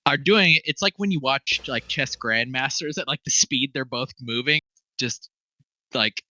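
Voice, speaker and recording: A man's voice: mid-range voice, a little slow, sharp tone, no room sound, poor audio. A man narrating a tabletop game as game master, rambling with lots of fillers and laughing often.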